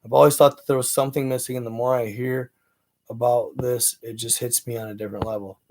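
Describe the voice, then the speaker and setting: Livestream host, male, mid-pitched, loose rambling delivery full of "like" and "you know". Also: quick pace, a little hiss or hum. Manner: rambling, filler-heavy, animated retelling. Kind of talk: casual livestream storytelling.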